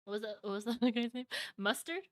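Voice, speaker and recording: A woman streaming live, chatting casually and excitably as she reacts to a video, often restarting her sentences. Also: fairly high pitch, fast talker.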